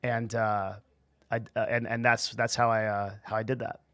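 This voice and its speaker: A man's voice: mid-range voice, flat delivery, normal speed, fairly bright tone, no room sound. A young man telling a personal story in a casual, rambling way, profane and full of restarts.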